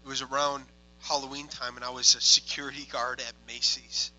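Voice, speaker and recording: A young adult man, a minister telling testimony stories in an excitable way, moving from hushed tones to loud exclamations. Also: mid-range voice, a little fast, rough recording. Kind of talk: testimony storytelling.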